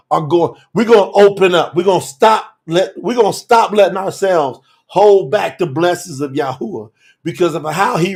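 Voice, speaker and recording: A man teaching scripture on a livestream in an animated, colloquial way, laughing often and calling out viewers by name. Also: high-pitched, slightly rough. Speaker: bible teacher.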